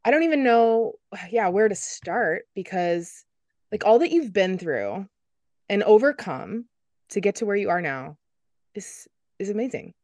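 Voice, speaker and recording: A woman's voice: mid-range voice, big pitch swings, measured pace, a little mellow, dry recording. A woman hosting a podcast, casual and encouraging as she chats with her guest. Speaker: podcast host. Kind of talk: casual conversation.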